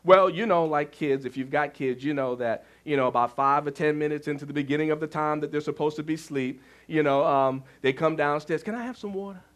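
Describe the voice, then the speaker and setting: A man, a pastor, preaching a sermon, telling a story and repeating key phrases, with sudden loud bursts when quoting. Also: on the high side, fairly even intonation, fairly quick, few pauses.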